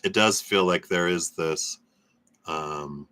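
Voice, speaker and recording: Deep-voiced man rambling through a tarot reading. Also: takes it slowly, pushed and bright. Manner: loose, rambling, with frequent fillers and laughs. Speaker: tarot reader. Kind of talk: live tarot reading stream.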